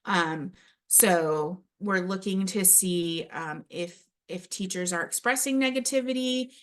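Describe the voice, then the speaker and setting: A woman's voice: lowish voice, unhurried. A woman trainer giving a recorded training presentation, speaking hesitantly with frequent ums and restarts. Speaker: early childhood classroom observation trainer.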